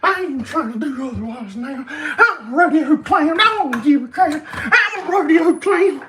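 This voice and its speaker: A man putting on a squeaky, high-pitched voice as a rowdy, foul-mouthed male rodeo clown, yelling and cackling. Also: animated, unhurried, echoey room, heavy background noise.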